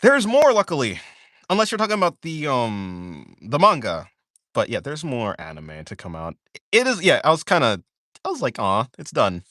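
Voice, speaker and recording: A man's voice: mid-range voice, huge pitch swings, moderate pace, fairly bright tone, no room sound, clean studio sound. A man chatting casually on a livestream, reading viewer questions aloud and answering them in a rambling way, full of fillers and self-corrections. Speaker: art streamer chatting with viewers.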